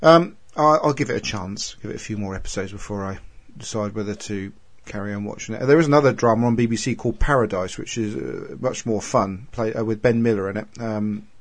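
A man's voice: lowish voice, fairly quick, few pauses. A man hosting a casual podcast chat, talking in a rambling, hesitant way. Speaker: podcast host.

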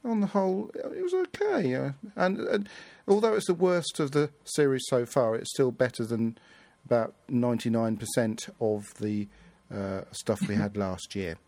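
A man's voice: mid-range voice, moderate pace, dark tone, dry recording. A man hosting a casual review chat, rambling and hesitant with many fillers. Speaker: podcast host.

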